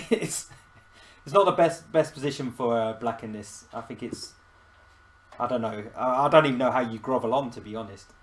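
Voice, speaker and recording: A man's voice: mid-range voice, moderate pace. A man hosting a live chess stream, talking casually and self-deprecatingly, often laughing as he thinks aloud.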